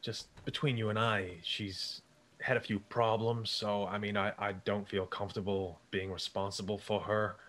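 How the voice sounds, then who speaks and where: A man's voice: lowish voice, flat delivery, normal speed, a bit bright, natural voice. A man voicing a fretful middle-aged male diner manager who rambles and stammers nervously. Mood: nervous hedging.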